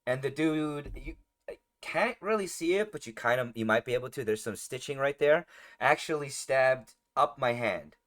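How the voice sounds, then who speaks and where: A middle-aged man co-hosting a podcast, chatting casually and getting animated when excited. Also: mid-range voice, normal speed. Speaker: podcast co-host. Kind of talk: casual chat.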